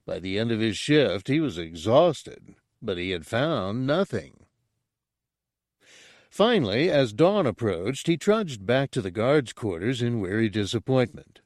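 A man narrating an audiobook in a steady, unhurried storytelling manner. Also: mid-range voice, no echo, studio quality.

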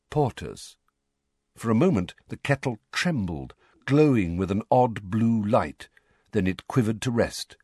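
Man narrating a fantasy story, low voice, swoopy expressive delivery, dry close mic. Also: no room sound. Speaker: audiobook narrator. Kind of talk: scripted narration.

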